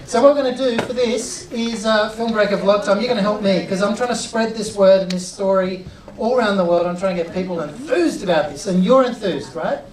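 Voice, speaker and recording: A middle-aged man giving an energetic live workshop, chatty and drawing the audience in. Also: high voice, brisk, slight background noise. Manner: upbeat, chatty, involves the crowd. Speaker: workshop presenter. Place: cinema auditorium with audience. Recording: roomy auditorium sound from a distance.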